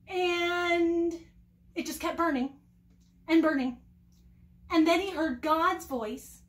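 High-voiced woman telling a kids' Bible story. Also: slow, pauses often. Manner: warm, expressive storytelling with asked questions. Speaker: children's ministry teacher.

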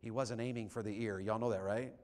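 A man preaching a revival sermon as an evangelist, swinging from shouts to hushed tones. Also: on the low side, fairly even intonation, brisk. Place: large church sanctuary. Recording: long hall reverb in a church.

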